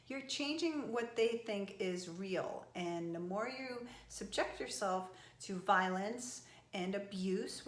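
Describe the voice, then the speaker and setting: A middle-aged woman motivational speaker giving earnest, emphatic advice straight to camera. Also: mid-range voice. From from an Italian family. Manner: earnest and emphatic, with animated outbursts. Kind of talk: direct-to-camera advice talk. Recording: echoey room.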